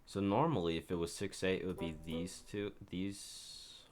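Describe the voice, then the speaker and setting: He has a low, slightly mellow voice, an unhurried delivery, and a steady tone. In casual screen-share commentary he talks through the piece he's composing, drifting between thoughts and correcting himself while working.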